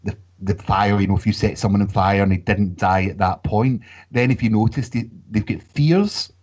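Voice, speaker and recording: Husky low man on a dull mic. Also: normal speed, a little mellow. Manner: enthusiastic, rambling with fillers. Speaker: podcast co-host. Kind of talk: casual podcast chat.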